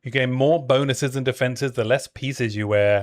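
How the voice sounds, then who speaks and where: A man's voice: mid-range voice, fairly even intonation, moderate pace. A man chatting casually while streaming a video game, joking around and trailing off with fillers. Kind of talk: casual gameplay chat.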